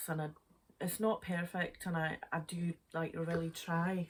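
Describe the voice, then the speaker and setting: A lower-pitched woman in a relaxed podcast chat, talking in a loose, rambling way and breaking into laughs. There is a faint hiss of noise behind her voice. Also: measured pace. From Zimbabwe. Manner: chatty, laughs easily, rambling. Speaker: podcast co-host. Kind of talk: casual chat.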